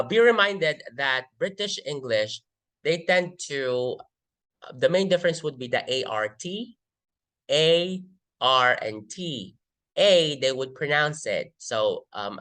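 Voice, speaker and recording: Slow-talking Filipino woman tutor. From Philippines. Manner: switches between English and Tagalog, slow and drawn out with many pauses; lively, sliding pitch when modeling words. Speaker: IELTS tutor. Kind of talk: casual tutorial teaching.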